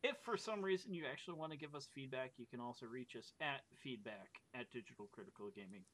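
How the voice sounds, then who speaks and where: A man's voice: mid-range voice, fast, poor audio. A man hosting a casual gaming podcast, joking and laughing often with his co-hosts. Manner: animated, jokey, laughs often. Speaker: podcast host.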